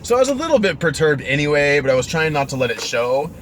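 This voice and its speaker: Brief: young male driver, casual exasperated storyteller, slightly higher voice, faint car noise. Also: sing-song, fast talker, fairly bright tone. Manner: chatty, filler-heavy, exasperated retelling. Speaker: rideshare driver.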